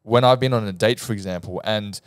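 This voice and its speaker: Young Australian male co-host, quick delivery, animated storyteller. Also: on the low side, no echo, studio quality. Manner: explains points step by step, animated storytelling. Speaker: podcast co-host. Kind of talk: casual podcast chat.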